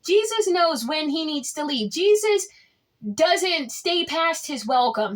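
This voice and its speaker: A woman's voice: extremely high pitch, fairly bright tone. A woman telling a storytime vlog in a casual, outspoken way, swinging her voice up and down dramatically. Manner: outspoken and boastful. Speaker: vlogger.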